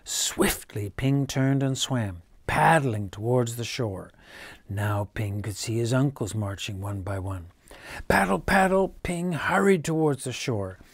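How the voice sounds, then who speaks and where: A man reads a children's bedtime story aloud in a gentle, measured way. His voice sits at a middle pitch, and he drops to a near whisper at the quiet moments. The recording is dry and close, with no room sound. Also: expressive, breathy edge, dry recording.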